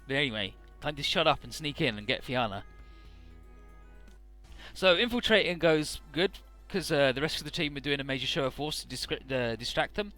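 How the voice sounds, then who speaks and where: A man's voice: mid-range voice, animated, moderate pace, pushed and bright, faint music behind. A man narrating a video game in a casual, profane style, loosely paraphrasing the dialogue. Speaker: let's play narrator.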